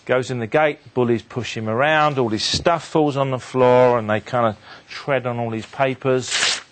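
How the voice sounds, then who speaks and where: A man giving a motivational talk to an audience, telling a story in an animated way and dropping his voice low and quiet for the sad moments. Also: normal speed, noisy background. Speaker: motivational speaker.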